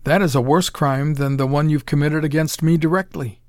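A man's voice: fairly high pitch, fairly even intonation, moderate pace, no echo, clean studio sound, lightly acted. A man voicing a desperate, cornered male hero who speaks in an urgent, strained way.

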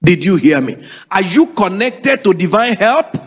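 Pastor, high lively voice, emphatic call-and-response preaching. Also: male voice, unhurried, slightly rough. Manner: emphatic, repetitive, calls for congregation responses. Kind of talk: preaching sermon.

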